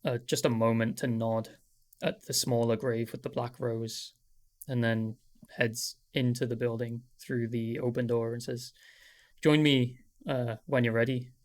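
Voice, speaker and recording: A man narrating a tabletop game as game master, describing scenes in a relaxed way with many fillers. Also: medium pitch, unhurried.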